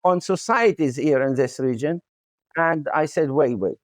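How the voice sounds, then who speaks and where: Earnest man with a high voice. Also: expressive, moderate pace, no echo. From Israel. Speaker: guest. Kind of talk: storytelling interview answer.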